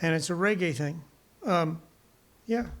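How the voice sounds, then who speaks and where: Older man with a high, easygoing voice. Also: measured pace. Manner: easygoing, chuckling, restarts often. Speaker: guest musician. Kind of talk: casual onstage chat. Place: live music venue with audience.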